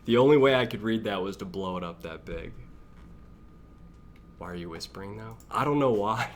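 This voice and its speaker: A man's voice: on the low side, moderate pace, slight background noise. A man giving casual reaction commentary as a video theory vlogger, chatty and thinking aloud, sitting close to his mic.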